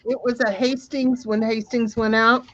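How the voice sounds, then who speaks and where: A woman's voice: a little high, little pitch movement, moderate pace, lo-fi sound. A woman hosting a casual video chat with friends, reading out quotes from a book.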